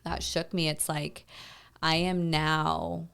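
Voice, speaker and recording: A woman's voice: deep voice, little pitch movement, slow pace, gravelly, fairly bright tone, clear, resonant tone. A woman in her thirties, a podcast guest, tells a painful personal story in a rambling conversational way, full of "like" and "you know.". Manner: intense, reliving a painful memory.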